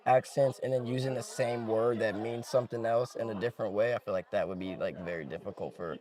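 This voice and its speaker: A young man from the American Midwest chatting casually as an interview guest, relaxed and full of "like.". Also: lowish voice, a little fast, distant mic, crowd noise. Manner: relaxed, laughs often, peppered with "like". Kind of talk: casual chat.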